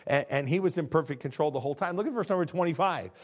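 In a rapid-fire sermon, a middle-aged pastor performs dialogues with animation. He alternates between soft, low passages and lines that are nearly shouted.

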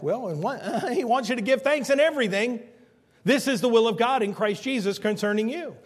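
A man's voice: extremely high pitch, animated, fast talker, slightly rough, long reverb tail. A man pastor preaching a sermon, telling stories and emphatically repeating his key points.

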